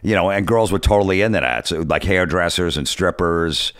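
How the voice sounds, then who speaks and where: Deep-voiced blunt comedian, a man. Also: a little fast, fairly bright tone, no echo, studio quality. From New Jersey. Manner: blunt, profane anecdotes. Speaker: podcast guest, comedian. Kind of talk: casual storytelling.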